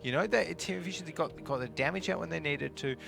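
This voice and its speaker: A man co-casting a live esports match, excitable and casual, often stumbling over his words. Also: fairly high pitch, fast talker, vocal fry, music in the background. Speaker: esports co-caster.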